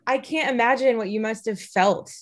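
A woman co-host joins in casual conversation with eager, enthusiastic reactions. Her voice sits somewhat high. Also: normal speed. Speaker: podcast co-host. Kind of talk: casual chat.

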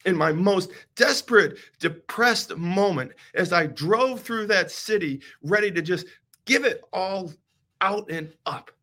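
A man hosting a devotional podcast with a bright, forceful voice that sits a little high for a man. He tells his stories dramatically, dropping to hushed whispers and then rising to loud pleading. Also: lively intonation, measured pace. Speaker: podcast host.

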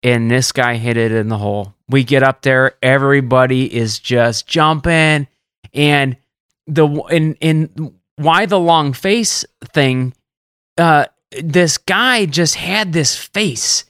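A man co-hosting a casual podcast, telling stories with lively energy and jumping up in pitch whenever he quotes someone. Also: takes it slowly, clear, resonant tone, no room sound, studio quality. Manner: animated storyteller, jumps up in pitch for quotes. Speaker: caddie podcast co-host. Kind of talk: casual storytelling chat.

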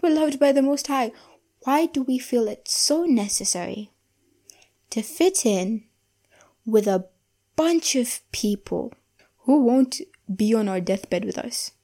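A young woman talks through a solo podcast episode in an earnest, reflective voice. Her tone is mellow and a touch high, and she slows down to lean on the phrases that matter to her. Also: lively intonation. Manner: earnest and reflective, slowing down to stress key phrases. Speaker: podcast host. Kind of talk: casual solo podcast monologue.

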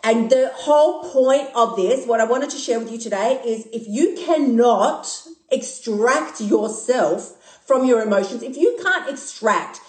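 Australian woman host, brash and animated, slightly high voice, phone mic in an echoey room. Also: measured pace. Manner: blunt, swearing, animated, self-mocking. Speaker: podcast host and emotional eating coach. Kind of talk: casual live-stream monologue. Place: recorded live on a phone stream.

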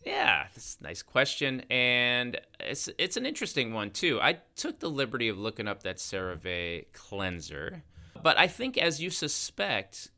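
Bright-voiced man explaining cosmetic chemistry. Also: mid-range voice, wildly swooping pitch, measured pace. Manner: explanatory, thinking aloud with restarts. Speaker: podcast co-host, cosmetic chemist. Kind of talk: casual science podcast chat.

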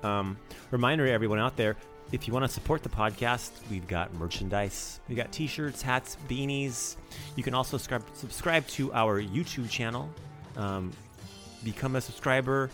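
A man's voice: mid-range voice, fairly bright tone. A man hosting a casual podcast lesson, chatty and teasing as he teaches vocabulary and drops in foreign phrases.

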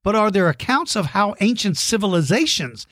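A man's voice: sits high, big pitch swings, normal speed, a bit bright, no echo, studio quality. A man hosting a podcast, reading listener mail and cheering kids on with playful encouragement. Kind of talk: enthusiastic shout-outs to kids.

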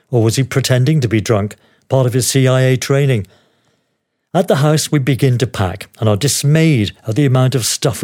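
An older man tells his own adventure story as a podcast host. His telling is wry and dry, with plain, steady narration and a middle-pitched voice. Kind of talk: memoir storytelling.

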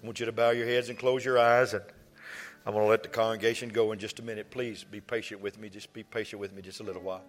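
A man, preaching a sermon as pastor. He tells stories and rises to impassioned shouts. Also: on the low side, flat delivery, fast talker. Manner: storytelling, rising to impassioned shouts. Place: large church hall. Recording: reverberant church hall with soft music.

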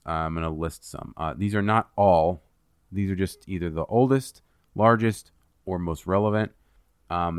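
Man, very low pitch, dry close sound, casual podcast host, rambling, self-deprecating, swears. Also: clear, resonant tone, no room sound. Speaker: podcast host presenting the topic.

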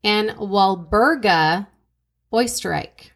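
A woman co-hosting a podcast, reading out a true crime case in a measured, dramatic way. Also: medium pitch, fairly bright tone. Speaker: podcast co-host.

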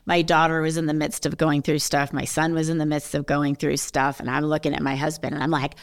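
A middle-aged woman with a low voice and flat delivery speaks quickly, hardly pausing, as a podcast guest. In this candid personal conversation she tells her own story earnestly and emotionally, in rambling sentences.

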